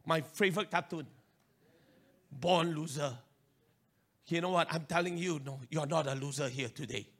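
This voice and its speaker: High, bright Singaporean English preacher. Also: male voice, normal speed, long pauses. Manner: animated, urging the crowd to respond. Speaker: pastor. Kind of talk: sermon.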